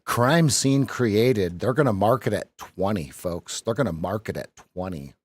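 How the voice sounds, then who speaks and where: A man's voice: on the low side, lively intonation, unhurried, slightly rough, no room sound. Joking man running a live trading stream. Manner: loose, joking, talks to chat. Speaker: trading coach.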